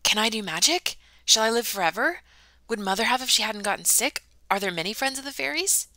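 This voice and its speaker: A woman's voice: on the high side, pushed and bright, no echo, studio quality, voice pushed up. Woman reading as an eager young girl. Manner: eager rapid-fire questions. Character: young girl, curious and grieving.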